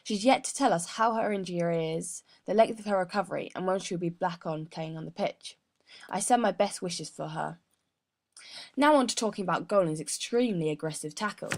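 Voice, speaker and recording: A woman's voice: lowish voice, brisk, a little mellow. A young woman as a sports psychologist guest, giving an earnest prepared explanation with frequent mid-word restarts. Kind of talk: prepared explanation in a mock interview.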